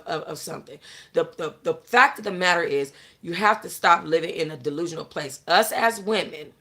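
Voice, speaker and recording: A woman's voice: mid-range voice, fairly bright tone. A young adult woman hosting a casual chat, bluntly lecturing her viewers with lots of profanity and a constant "you know what I'm saying". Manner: talks straight to the audience, answers chat. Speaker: host.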